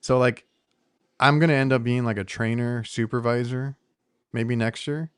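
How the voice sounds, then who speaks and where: A man's voice: mid-range voice, fairly even intonation, moderate pace, clean tone, no echo, clean studio sound. An American man co-hosting a casual podcast, a working HVAC technician who talks in a loose, rambling way with frequent restarts. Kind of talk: casual chat.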